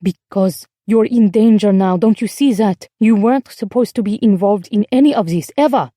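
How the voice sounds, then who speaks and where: A woman's voice: medium pitch, normal speed, dark tone, no echo, clean studio sound, close to an everyday voice. Woman reading as a weary, secretive husband. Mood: guarded. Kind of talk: audiobook dialogue reading.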